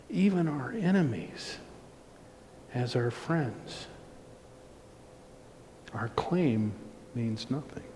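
A middle-aged man preaching, telling a personal story slowly and earnestly with frequent restarts. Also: medium pitch, mellow. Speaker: pastor. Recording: long reverb, faint noise.

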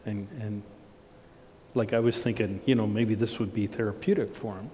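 A man preaching a sermon speaks in a steady tone at normal speed, sharing a personal story earnestly and building to emphatic points. The audio has long hall reverb and a faint low rumble.

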